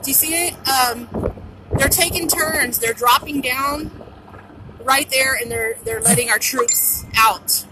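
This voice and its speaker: A woman livestreaming from her phone on a pedestrian bridge, talking in an urgent, excited way and a little out of breath. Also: high-pitched, slow. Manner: urgent, excited, repeats herself. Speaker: live-streaming citizen reporter. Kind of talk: live phone stream, unscripted commentary. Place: outdoors on a pedestrian bridge by a busy border crossing. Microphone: handheld phone. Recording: noisy outdoor phone recording. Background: traffic and helicopters.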